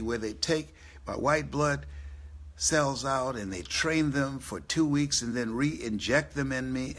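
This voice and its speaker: A man's voice: mid-range voice, fairly bright tone, slightly rough. A man in his seventies giving a live motivational speech on stage, telling stories and laughing at his own jokes. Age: 70s. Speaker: motivational speaker. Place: on stage before a live audience.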